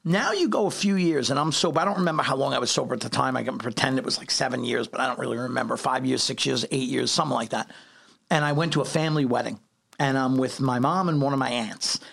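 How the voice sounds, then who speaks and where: A middle-aged man, host of a recovery podcast, telling stories in casual chat, animated and swearing casually. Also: mid-range voice, fast, gravelly.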